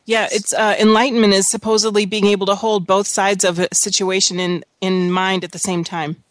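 A woman's voice: mid-range voice, little pitch movement, brisk, no echo. A woman co-hosting a reflective talk show, speaking conversationally and quoting sayings. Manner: conversational, quotes sayings, light laughter. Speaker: podcast co-host. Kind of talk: reflective casual chat.

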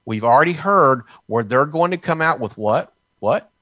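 A man's voice: a little high, animated, moderate pace, pushed and bright, no echo. A man from Texas giving a heated political talk, combative and sarcastic, mocking officials as he goes. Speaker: political commentator.

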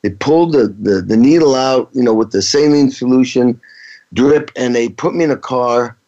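Speaking at a normal pace with a medium-pitched, dark voice, a middle-aged man who drums for a touring rock band tells stories in a relaxed interview. He wanders and restarts frequently, and the audio is dull and lo-fi.

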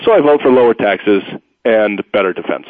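A man hosting a sports talk radio show, rambling through stories and blunt opinions in an animated, storytelling way. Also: on the low side, fairly quick, no room sound. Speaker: radio host. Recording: tinny phone-like radio audio, dry.

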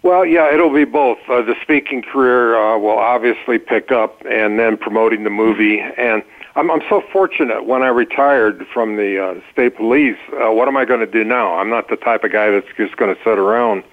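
An older man, a guest on a radio interview, telling his story in a relaxed way. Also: mid-range voice, moderate pace. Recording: tinny phone-like line.

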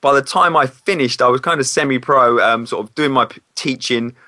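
A man's voice: mid-range voice, a little fast, bright, forceful tone, no echo, clean studio sound. A man, a former PE teacher, talks candidly and hesitantly in a casual interview. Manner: candid, hesitant, self-correcting.

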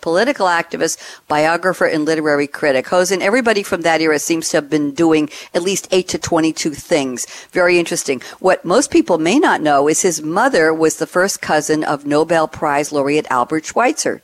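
A woman hosting a panel talk show, introducing guests with energetic, emphatic delivery. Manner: energetic, emphatic delivery with wide pitch swings. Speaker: host.

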